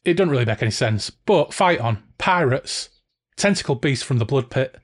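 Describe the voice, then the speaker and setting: Casual male podcast host, book discussion, animated, jokey, swears freely, mid-pitched voice. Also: moderate pace.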